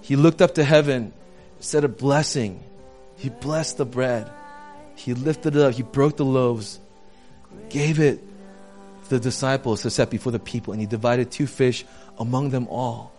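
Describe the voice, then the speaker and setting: A young man giving a casual, conversational sermon as a youth pastor, animated and full of slang. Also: mid-range voice, a little slow, soft background music.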